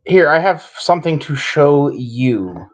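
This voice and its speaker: A man in a relaxed chat who ribs his co-host with dry, deadpan jokes. His voice sits a little higher than most men's. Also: a little slow. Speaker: podcast co-host. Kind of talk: casual chat.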